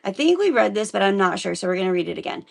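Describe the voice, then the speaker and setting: A woman's voice: medium pitch, sing-song, racing, creaky. A woman from Missouri reads the Bible aloud on a livestream in a chatty way, breaking off to talk to her viewers. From Missouri, United States. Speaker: live-stream host reading the Bible. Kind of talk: casual live-stream Bible reading.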